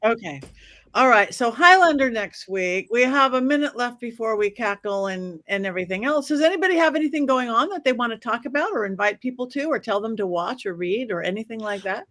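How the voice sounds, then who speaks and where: A woman hosting a casual panel chat, upbeat and quick as she rattles off upcoming events. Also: fairly high pitch, expressive, fairly bright tone. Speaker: podcast host.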